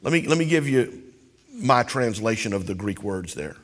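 Impassioned preacher in an echoing hall. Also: male voice, on the low side, animated, moderate pace. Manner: impassioned preaching, building to loud cries. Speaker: pastor. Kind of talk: sermon.

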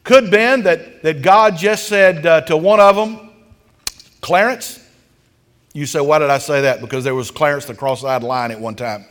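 A man's voice: on the high side, moderate pace, fairly bright tone. A man preaching a sermon as folksy, homespun storytelling, with emphatic swells of intensity. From rural countryside. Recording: long hall reverb.

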